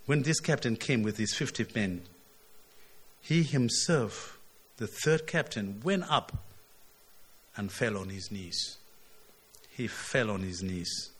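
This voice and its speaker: A man's voice: fairly low pitch, expressive, slow, pauses often, husky. A man preaching a sermon, walking through a scripture passage, often asking his listeners "isn't it?" and lifting his voice when he quotes the text. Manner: expository, asks "isn't it?", surges loud on quotes.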